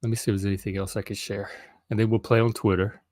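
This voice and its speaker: A middle-aged man chats loosely to his viewers, pausing often with ums as he thinks aloud. His voice sits low and is recorded close and dry, with no room sound around it. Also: level tone, darkish tone, dry recording. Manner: rambling, hesitant, lots of ums. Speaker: live stream host. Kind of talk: casual solo live stream chat.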